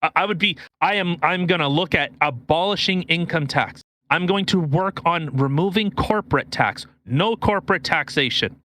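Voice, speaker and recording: A man's voice: on the high side, moderate pace. A man co-hosting a podcast, ranting casually and profanely with many restarts. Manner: animated, profane, rambling with restarts. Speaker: podcast co-host. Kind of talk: casual political rant.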